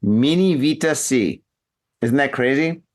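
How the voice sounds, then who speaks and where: A man's voice: medium pitch, lively intonation, measured pace. A man hosting a podcast, drunk and telling a rambling, profane story in casual chat. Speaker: podcast host. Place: in Japan.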